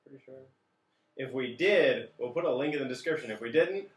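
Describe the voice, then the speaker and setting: A man's voice: mid-range voice, animated, brisk, far from the mic. A man co-hosting a casual movie review, tipsy, chiming in with short dry remarks and jokes. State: tipsy from tequila and beer. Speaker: co-host of a movie review channel. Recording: echoey room, voice off-mic.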